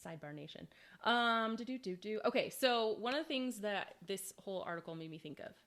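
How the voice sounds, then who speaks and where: A young woman who teaches high school English, telling stories in a casual podcast chat and laughing often as she talks. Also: lively intonation, fairly quick, a bit bright. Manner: chatty storyteller, laughs often.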